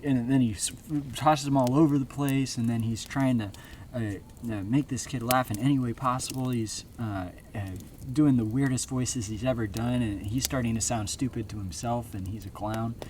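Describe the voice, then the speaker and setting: A man's voice: mid-range voice, steady tone, normal speed, a little mellow, distant mic. A man telling an improvised story outdoors at a campfire, rambling with many fillers and restarts. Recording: outdoor campground noise.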